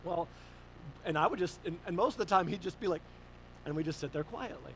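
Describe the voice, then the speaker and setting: A man with a high-pitched voice preaching a sermon. He talks in a lively, conversational way and pushes up hard on his questions. A faint hum sits behind him. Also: fairly quick, poor audio. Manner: animated storytelling, rising emphasis on questions.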